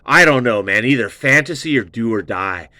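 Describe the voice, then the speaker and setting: This man's medium-pitched voice is animated, pushed and bright, moving at a moderate pace with no echo. He's a music reviewer hosting a laid-back album review, heaping on profane praise and saying the same enthusiastic things again and again.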